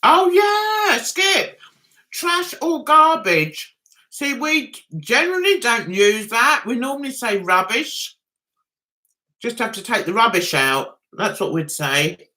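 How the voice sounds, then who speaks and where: Bright-voiced chatty English woman. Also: a little high, very animated, takes it slowly. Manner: chatty, reads viewer comments aloud and answers them with frequent laughs. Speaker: livestream host. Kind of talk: casual livestream chat.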